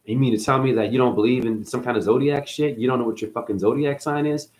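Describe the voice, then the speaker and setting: A man rambling through a profane spiritual monologue, dropping to mutters and then jumping up in excited bursts. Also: mid-range voice, fast talker, poor audio. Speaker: spiritual video host.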